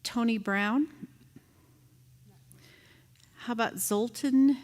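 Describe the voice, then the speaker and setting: Slow-speaking woman chairing a meeting. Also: a little high, a little mellow. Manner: unhurried, calls out names. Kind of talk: running a public meeting. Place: school board meeting room. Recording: long reverb of a meeting hall.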